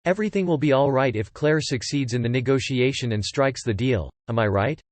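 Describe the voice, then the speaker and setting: A man voicing a calm, earnest young husband in an audiobook, speaking with a smile. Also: medium pitch, fairly quick, no echo, lightly acted. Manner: earnest, smiling.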